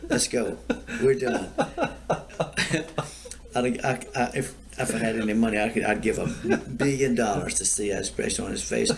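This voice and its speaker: A man's voice: lowish voice, moderate pace, gravelly. An older man from Florida telling rambling stories in a casual chat, repeating himself and laughing at his own tales. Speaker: storyteller guest. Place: outdoors.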